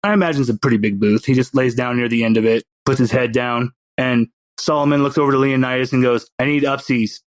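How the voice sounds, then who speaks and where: A man narrating as game master in a tabletop game, chatty and animated. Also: mid-range voice, quick pace, hardly any pauses, dry recording.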